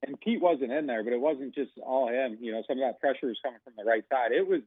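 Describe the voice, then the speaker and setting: A man on a thin, tinny phone line breaks down football practice as a guest reporter. He rambles a bit and leans on "you know" and "like" as he thinks aloud. His voice sits at an ordinary pitch, and the call sounds dry, with no room around it. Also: fast, dry recording. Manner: talkative, rambling with many fillers. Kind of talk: casual phone-in analysis.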